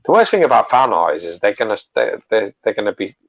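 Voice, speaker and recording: A man's voice: lowish voice, sing-song, fast, creaky. A man co-hosting a casual chat, blunt and swearing often. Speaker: co-host. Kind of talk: casual chat about collectible statues. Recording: dull lo-fi audio.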